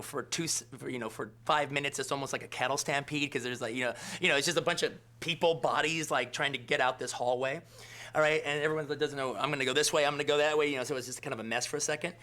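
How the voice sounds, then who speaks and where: A film director in an interview, telling an anecdote in a rambling way, full of fillers and asking "all right?" again and again. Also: male voice, mid-range voice, fast, sharp tone.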